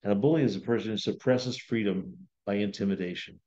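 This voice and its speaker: A man's voice: lowish voice, brisk, darkish tone. A man pastor teaching a Bible study in a conversational storytelling manner. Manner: conversational, storytelling, acts out quotes. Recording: dull lo-fi video call audio.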